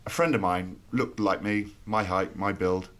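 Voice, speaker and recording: A man, former rugby player, co-hosting a podcast and reminiscing in relaxed chat. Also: deep voice, unhurried. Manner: relaxed reminiscing, teasing asides.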